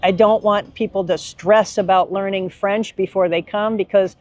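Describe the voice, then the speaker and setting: A woman's voice: mid-range voice, fairly even intonation, moderate pace, a little mellow. An American woman co-hosting a casual travel chat, explaining tips in a conversational way. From United States. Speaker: co-host. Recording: dry, dull lo-fi sound.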